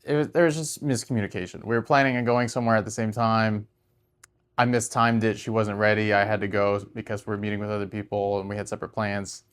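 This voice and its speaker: Calm, low-voiced man giving relationship advice. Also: a little fast, clean tone. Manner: calm, soft-spoken, trailing off quietly; laughs and raises his voice when mimicking an argument. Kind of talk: casual advice talk to camera.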